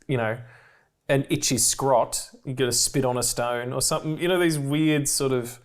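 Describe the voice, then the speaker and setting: Male podcast co-host from Australia, talks fast and manically, casual, sweary film-commentary rambler. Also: mid-range voice. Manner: rambling, excitable, swears freely, laughs often.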